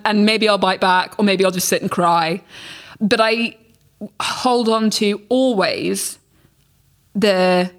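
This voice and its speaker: A woman's voice: medium pitch, measured pace. Woman, podcast guest, candid and emphatic, rambling delivery. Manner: rambling, emphatic, swears freely, mimics voices in anecdotes.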